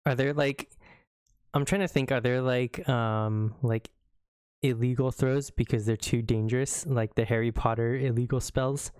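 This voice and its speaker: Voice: medium pitch, steady tone, a little slow, darkish tone, clear, resonant tone, dry recording. A podcast co-host with a mid-range voice, recorded dry and close. They ask curious questions in a casual, hesitant way, often laughing along. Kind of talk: casual chat.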